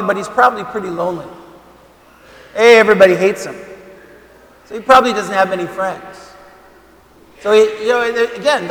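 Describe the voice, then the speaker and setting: A high-pitched man preaches a homily in a loose, conversational way, leaning on fillers and repeating his key points for emphasis. The recording is roomy, with the long reverb of a church hall. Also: a bit bright. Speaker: Catholic priest.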